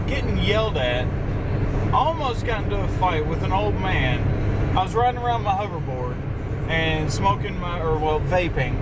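Rambling high-voiced young man vlogging. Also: heavy background noise. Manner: rambling, profane, many fillers. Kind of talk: casual vlog chat.

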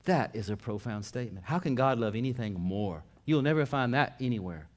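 Pastor preaching with big swings in volume. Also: male voice, medium pitch, lively intonation, a little fast. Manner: swings from loud preaching to quiet, soft storytelling; folksy, conversational preaching. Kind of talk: sermon.

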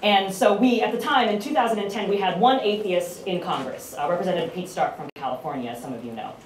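An American woman speaking on a conference panel, loud and chatty with self-mocking humor. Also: medium pitch, fast talker, noisy background. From United States. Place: conference hall. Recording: roomy hall from far off.

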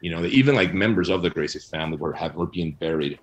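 A middle-aged man answering interview questions about his research, blunt and animated as he argues his points. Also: sits low, fast talker. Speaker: guest, researcher and author.

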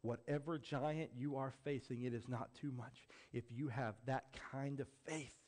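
A man preaching a sermon as a pastor, building to emphatic peaks and then dropping low and quiet. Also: steady tone, normal speed. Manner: acts out quoted voices with jokey flair.

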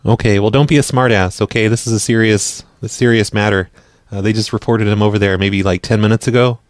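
A man hosting a live radio show and making prank phone calls, speaking deadpan and often stumbling over his words. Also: on the low side, a little fast, no echo, clean studio sound. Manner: deadpan, stammers and repeats words. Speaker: prank-call radio host.

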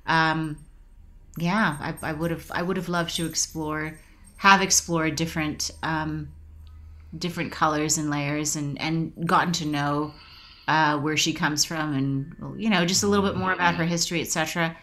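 Reflective woman with a bright voice. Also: sits low, fairly even intonation. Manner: reflective, halting, many restarts. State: emotional, choked up. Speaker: actress, interview guest. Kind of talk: casual video interview.

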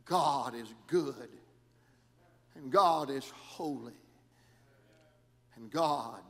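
A man preaching a sermon in a church, with dramatic, repetitive cadences that move between hushed and shouted lines. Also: mid-range voice, very slow. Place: church sanctuary. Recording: long church reverb.

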